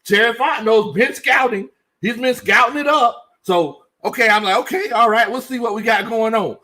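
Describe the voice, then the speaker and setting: Man, high bright voice, lively and animated, joking casual sports commentary, repeats himself for emphasis. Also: moderate pace. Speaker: sports show host. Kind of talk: casual sports commentary livestream reading chat.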